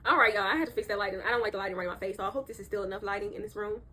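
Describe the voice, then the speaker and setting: A young woman rattles through a casual storytime for her viewers at a brisk clip. Her voice sits at an ordinary middle pitch and comes out stuffy and a little nasal from congestion. She is chatty and emphatic, and she keeps pausing to ask her audience 'okay?'. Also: heavy background noise. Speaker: storytime vlogger. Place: indoor room.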